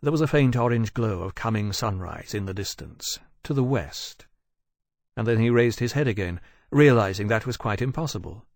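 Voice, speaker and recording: A man narrating an audiobook in a measured, steady way. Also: fairly low pitch, dry recording, clean studio sound.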